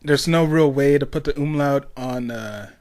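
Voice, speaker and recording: A man's voice: medium pitch, moderate pace, a little mellow. A young man hosting a casual solo podcast, rambling along with lots of ums, restarts and tangents. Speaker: podcast host.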